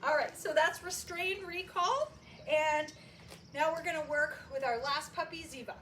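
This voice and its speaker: A woman dog trainer demonstrating training steps, who breaks into high, excited praise when calling the puppies. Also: a little slow, a little hiss or hum. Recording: echoey room, voice from a distance.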